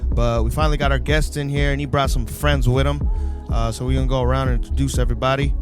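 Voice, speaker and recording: A man's voice: mid-range voice, fast talker, over music. Easygoing man hosting a podcast. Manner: relaxed, teasing, laughs easily. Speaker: podcast host. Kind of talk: casual radio-style podcast hosting.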